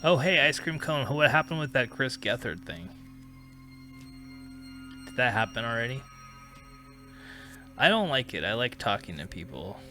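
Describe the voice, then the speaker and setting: A man's voice: mid-range voice, sing-song, moderate pace, long pauses, bright, forceful tone, faint music behind. A man hosting a call-in talk show, telling rambling anecdotes and laughing through them. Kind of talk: casual storytelling chat.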